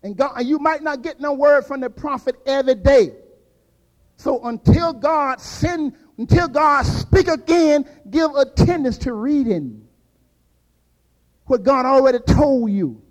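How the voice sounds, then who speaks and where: An older man preaching a fervent sermon, dropping to quiet asides and rising to shouted peaks. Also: very high-pitched, lively intonation, measured pace, low-quality recording.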